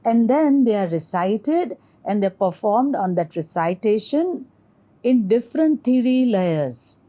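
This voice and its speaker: A woman's voice: a little high, animated, slow pace, mellow. A middle-aged woman with an Indian English accent gives a recorded lecture, explaining terms and reciting rhythm syllables aloud.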